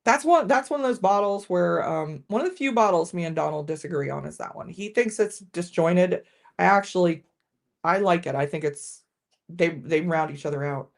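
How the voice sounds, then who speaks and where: A woman's voice: fairly low pitch, moderate pace, creaky. A woman hosting a casual live-stream whiskey tasting, chatting with viewers and often restarting her sentences.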